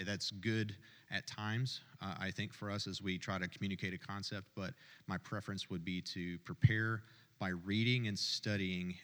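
A man with a low, flat voice speaks as a pastor on a church panel. He halts often, restarting his sentences. The sound carries the long reverb of a large hall. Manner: halting, with many fillers and restarts.

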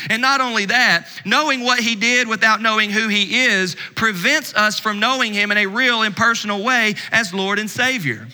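A middle-aged man preaching a conversational sermon, swinging from animated to hushed. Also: sits high. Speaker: pastor. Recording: long reverb of a church hall.

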